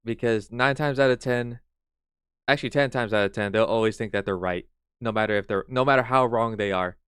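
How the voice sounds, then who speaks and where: A man's voice: fairly low pitch, brisk, fairly bright tone, smooth, dry recording, clean studio sound. A man streaming a reaction to a video, ranting in exasperation and swearing freely.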